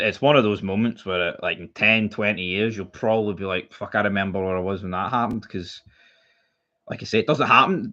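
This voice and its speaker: A man's voice: lowish voice, sharp tone, lo-fi sound. A young Scottish man streaming about football, talking bluntly and heatedly, swearing freely and repeating himself as he rants. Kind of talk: casual live-stream chat.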